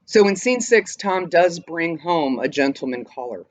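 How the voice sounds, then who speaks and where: A man teaching high school English by home video, talking casually with fillers and a little out of breath. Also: dry recording, rough recording. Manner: relaxed, halting with fillers. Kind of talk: casual class update and reading aloud.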